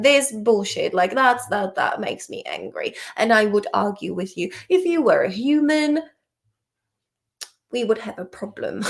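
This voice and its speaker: A woman's voice: mid-range voice, vocal fry. A woman teaching vocabulary in a casual, playful study-along lesson, chatting and swearing at the dictionary as she goes.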